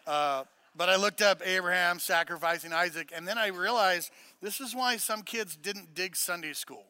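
A male pastor with a high, very bright and forceful voice. He preaches in a loose, joking way and then builds to loud, emphatic points. The sound is dry and close, with little room echo. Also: normal speed. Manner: casual, joking asides between preaching. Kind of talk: sermon.

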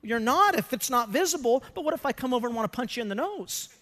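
A man preaching a sermon as a pastor, animated and swinging between loud emphasis and hushed asides. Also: extremely high pitch, fast talker. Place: church sanctuary. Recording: long reverb of a church hall.

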